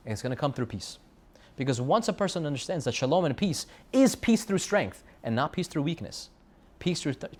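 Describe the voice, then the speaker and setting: Man preaching a storytelling sermon. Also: mid-range voice. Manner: storytelling with repeated phrases and Hebrew terms. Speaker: rabbi giving a Torah talk. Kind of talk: sermon to students.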